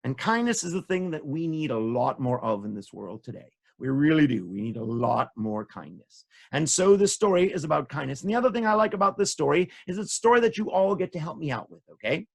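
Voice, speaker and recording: A man's voice: fairly high pitch, sing-song, brisk, vocal fry, few pauses. A man telling stories to children, playful and interactive, guiding his listeners through sound effects. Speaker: storyteller. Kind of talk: animated children's storytelling.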